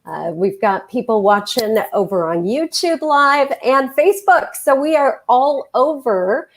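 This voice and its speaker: Slow-spoken woman giving fundraising updates. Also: on the high side, lively intonation. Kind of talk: casual live update.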